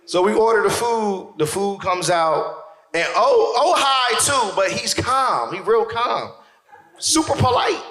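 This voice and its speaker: A male stand-up comedian telling a profane story, animated and shouting his punchlines on stage. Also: high-pitched, slow pace, reverberant.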